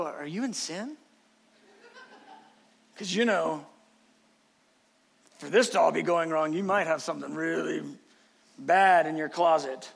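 A preacher puts on a nosy male churchgoer who leans in with a lowered, gravelly voice to accuse. He lectures slowly and pries. His tone is smug and prying. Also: a bit bright, exaggerated voice.

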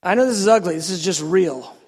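A man preaching a sermon, telling a personal story in an animated, self-deprecating way. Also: high-pitched, fairly quick, slightly rough. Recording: echoey hall reverb.

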